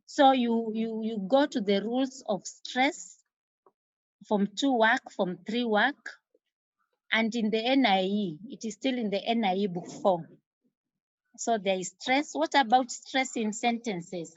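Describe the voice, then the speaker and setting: A Kenyan woman teacher walks students through exam revision, repeating key terms to drive them home. She speaks slowly in a slightly high voice. The recording sounds dry and muffled. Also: no room sound. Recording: dull lo-fi recording.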